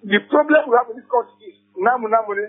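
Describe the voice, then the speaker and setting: A man's voice: very high voice, quick pace, slightly rough. A man with a Nigerian accent phoning a radio show to give a firm opinion. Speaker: radio caller. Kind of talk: phone-in comment. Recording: phone line.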